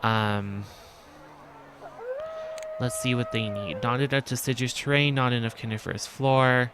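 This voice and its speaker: A man's voice: medium pitch, steady tone, measured pace, noisy background. A man giving casual gameplay commentary as a let's play host, thinking aloud and hesitating with frequent ums.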